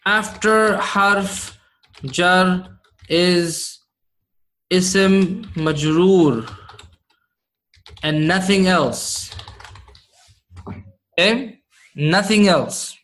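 High-voiced man teaching slowly. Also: fairly bright tone. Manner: repeats key points and checks understanding with "right?" and "okay?". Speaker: Arabic grammar teacher. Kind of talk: classroom lesson explaining Quranic grammar.

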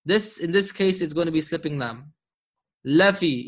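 A man's voice: on the high side, normal speed. A man teaching an Arabic grammar lesson, patiently quizzing his students and checking in with frequent questions.

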